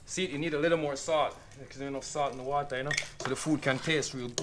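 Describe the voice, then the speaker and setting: A man's voice: medium pitch, fast, slight background noise. A man with a Jamaican accent, chatting casually as he cooks and explains each step, with faint frying sounds behind him. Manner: relaxed, chatty, patois phrases. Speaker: cook. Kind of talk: casual cooking demonstration.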